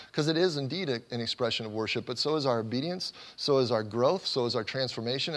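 A man preaching a sermon as a pastor, earnest and emphatic, building points through repeated phrases and frequent small restarts. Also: mid-range voice.

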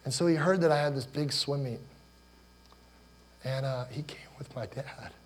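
A man's voice: mid-range voice, normal speed. Man preaching a conversational sermon. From Ohio, USA. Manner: conversational, personal storytelling, asks the congregation questions. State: choked up with emotion. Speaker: pastor.

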